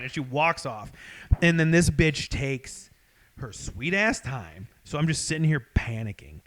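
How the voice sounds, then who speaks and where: Brief: podcast co-host, man, slightly high voice, profane laughing storyteller. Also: expressive, moderate pace, a bit bright. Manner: swears a lot, laughs through his own story. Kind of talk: casual storytelling chat.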